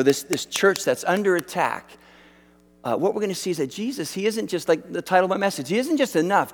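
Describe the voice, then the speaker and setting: A man's voice: on the high side, darkish tone, big-room sound. A man preaching a sermon as a pastor, talking in a loose, conversational way with restarts and fillers.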